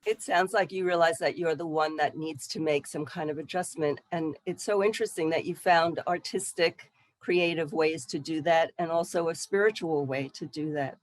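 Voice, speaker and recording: A woman facilitating a spiritual workshop, reflecting back what a participant shared and explaining the listening exercise calmly. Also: sits low, moderate pace, few pauses, no room sound. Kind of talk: teaching through role-play.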